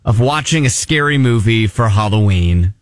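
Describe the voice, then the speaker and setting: A man on morning radio, reading sponsor tags and chatting in a brisk, matter-of-fact way, with an American accent. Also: on the low side, lively intonation, dry recording, studio quality. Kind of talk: radio banter and ad reads.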